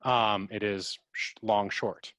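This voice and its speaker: A dramaturg answering audience questions on a video call, in a thoughtful, chatty way that repeats words and taps out verse rhythms aloud. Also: male voice, fairly low pitch, steady tone, slow, a bit bright, no echo.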